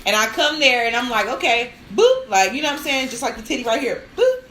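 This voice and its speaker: A woman's voice: fairly high pitch, animated, quick pace, pushed and bright, roomy sound, a little hiss or hum, poor audio. A woman hosting a casual live stream, telling chatty stories full of "like" and bursts of laughter. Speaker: live-stream host and new lactation counselor.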